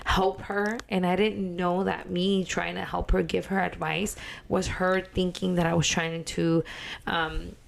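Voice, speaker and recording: A woman's voice: fairly low pitch, little pitch movement, unhurried, gravelly. A woman in her thirties co-hosting a podcast, talking in a blunt, heated way with lots of cursing. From Mexican-American. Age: 30s. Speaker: podcast co-host. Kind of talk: casual chat.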